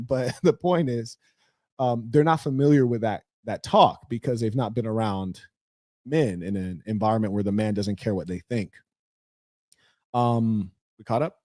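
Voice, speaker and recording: A man's voice: mid-range voice, animated, normal speed, no echo. Slangy man hosting a livestream, dry sound. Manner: loose, slangy, mocking asides. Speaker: livestream host. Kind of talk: casual livestream commentary.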